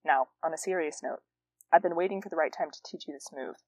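A woman's voice: sits low, fast talker, darkish tone, dry recording, poor audio. A woman voicing a cheerful young male knight who jokes lightly, read aloud from her own novel. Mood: friendly. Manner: light, joking.

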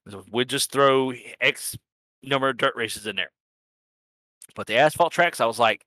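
A man rambles through a racing season recap, cursing casually and laughing at himself. His voice is bright and forceful, at an everyday pitch, and the recording sounds dry and close. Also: moderate pace, long pauses, no echo. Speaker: sim racing league organizer and podcast host. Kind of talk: casual profane recap chat.

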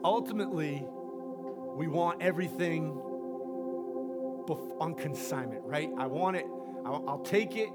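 A man's voice: a little high, measured pace, long pauses, over loud music. Passionate charismatic male preacher. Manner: passionate, swings from loud exhortation to soft asides, laughs often. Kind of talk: charismatic sermon. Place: church sanctuary.

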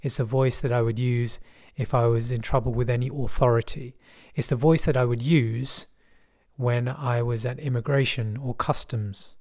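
A middle-aged man with a soft West London accent tells his own story at a steady, measured pace. His voice sits in an ordinary middle pitch, and his delivery is thoughtful, reflective and quietly wry. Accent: West London English. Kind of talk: personal storytelling.

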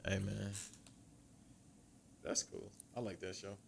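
A man's voice: fairly low pitch, little pitch movement, slow pace, gravelly, slight background noise. A man co-hosting a casual chat, joking around in slangy banter.

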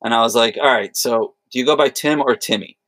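A man's voice: medium pitch, brisk, fairly bright tone, no echo. A man casually telling a rambling, profane story in conversation. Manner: rambling anecdotes with profanity and quoted voices. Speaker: podcast co-host.

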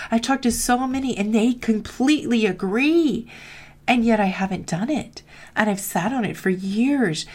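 A middle-aged woman who coaches marketing students, speaking candidly in a heartfelt motivational talk, with a lot of "like" in her speech. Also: fairly high pitch. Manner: candid, confessional, frequent "like", acts out quoted voices.

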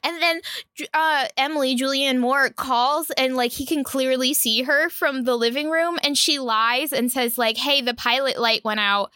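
A young woman with a high, bright voice chats enthusiastically about a movie, scattering "like" through her talk. She is recorded close up, with no room sound around her. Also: moderate pace, dry recording. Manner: enthusiastic, many "like" fillers. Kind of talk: casual film chat.

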